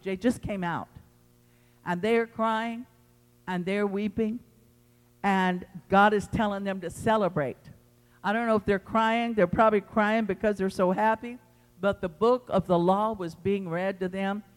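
High-voiced man preaching in a reverberant hall. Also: fairly even intonation, a little slow, clean tone, soft background music. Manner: impassioned, emphatic preaching with big swings in loudness. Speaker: pastor. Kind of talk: sermon. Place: church sanctuary.

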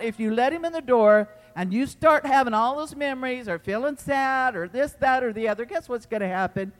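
High-voiced man preaching in a reverberant hall. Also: animated, moderate pace, hardly any pauses. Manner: impassioned, emphatic preaching with big swings in loudness. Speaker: pastor. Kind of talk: sermon. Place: church sanctuary.

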